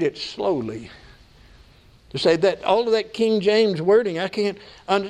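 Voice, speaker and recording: Older male pastor, sermon delivery, high voice, emphatic questions and homespun asides. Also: lively intonation, a little slow, darkish tone. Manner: preaching with rising emphatic questions and folksy asides.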